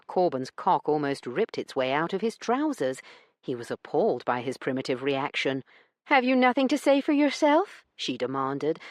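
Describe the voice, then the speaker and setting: A woman narrating an audiobook in an expressive, storytelling manner. Her voice is fairly low but rises and falls freely. The recording is close and dry, with no room sound. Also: no room sound. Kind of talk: scripted narration.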